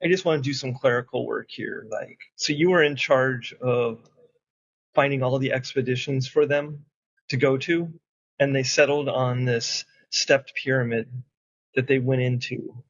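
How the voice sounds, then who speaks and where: A man's voice: mid-range voice, steady tone, a little slow, highs cut off. A man playing a tabletop game, pressing with repeated, probing questions. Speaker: player. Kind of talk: tabletop game play over voice chat.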